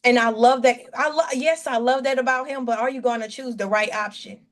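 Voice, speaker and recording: Woman pastor, kinda high voice, earnest heartfelt testimony, rambles and restarts a lot. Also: steady tone, brisk. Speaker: guest pastor. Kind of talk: testimony in casual chat.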